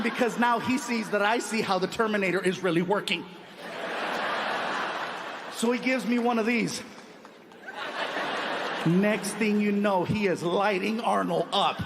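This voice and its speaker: A male comedian telling an animated stand-up story on stage, acting out scenes and yelping. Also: high voice, normal speed, pauses often, long reverb tail, noisy background.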